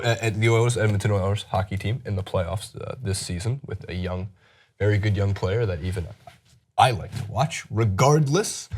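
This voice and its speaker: Joking man hosting a news chat. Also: fairly low pitch. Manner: wry, joking delivery with frequent fillers. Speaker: sports news show host. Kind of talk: casual news commentary.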